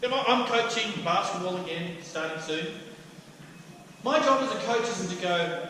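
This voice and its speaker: An Australian man preaching a lively, jokey sermon in a church hall. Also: high voice, normal speed. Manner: animated, jokey, acts out the master's lines. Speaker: pastor. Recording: echoey hall, mic from a distance, faint room hum.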